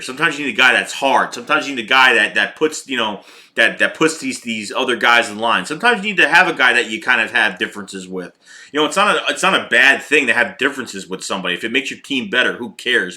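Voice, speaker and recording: A man's voice: on the low side, bright, forceful tone. Fired-up man ranting about football. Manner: heated, profane, repeats himself. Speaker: sports podcast host reading chat. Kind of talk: casual fan rant.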